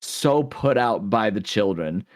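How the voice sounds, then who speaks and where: A man's voice: lowish voice, lively intonation, takes it slowly, dry recording, studio quality. A man with a Midwestern accent chatting casually as a podcast co-host, rambling with many restarts and easy laughter.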